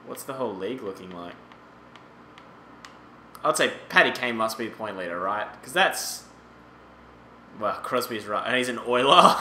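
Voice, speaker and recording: A man's voice: mid-range voice, lively intonation, moderate pace, pauses often, bright, forceful tone, roomy sound, slight background noise. A man in his late twenties giving casual, rambling commentary over a hockey video game and exclaiming at the results. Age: 20s. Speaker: gaming YouTuber.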